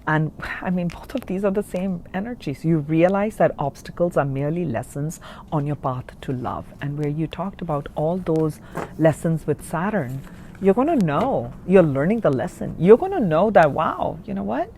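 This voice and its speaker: A woman giving a general spiritual reading to her viewers, chatty and rambling, who often checks in with "okay?" and moves between hushed and excited moments. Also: low voice, normal speed, slight background noise. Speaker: spiritual card reader.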